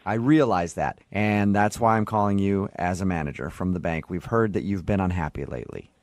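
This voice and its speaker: A man hosting a radio prank call, posing as a bank manager, talking in a smooth, mock-innocent way. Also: low-pitched, brisk, no room sound, clean studio sound.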